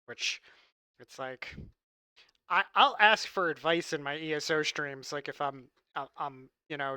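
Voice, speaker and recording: A man's voice: on the high side, sharp tone, clean tone, no echo. A man chatting casually with his audience on a live stream, loose and joking, laughing often and swearing freely. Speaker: livestreamer.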